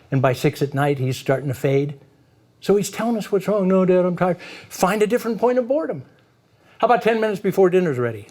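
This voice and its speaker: A middle-aged man with a notably high-pitched voice leads a lighthearted talk for parents. He acts out little family scenes and laughs at his own jokes as he goes. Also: warm tone. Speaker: parenting and reading presenter. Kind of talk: humorous workshop talk to parents.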